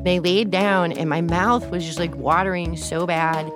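A woman's voice: on the low side, steady tone, a little slow, music in the background. A woman from Texas, speaking as an interview guest, telling her own story in a casual, candid way.

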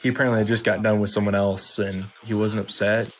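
A man, a veteran, recounting his story in a relaxed, self-deprecating way. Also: fairly low pitch, fast talker, noisy background. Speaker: interviewee, military veteran. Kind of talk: storytelling interview.

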